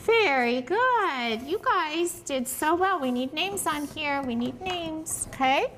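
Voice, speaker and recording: A woman's voice: sits high, measured pace, fairly bright tone, slight background noise. A woman teacher patiently guiding young children through a handwriting and letter-sound lesson at a small classroom table, praising them often.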